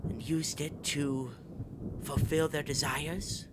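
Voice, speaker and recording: A man's voice: fairly high pitch, steady tone, slow, very noisy. Man doing a proud, bitter old count. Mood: grave.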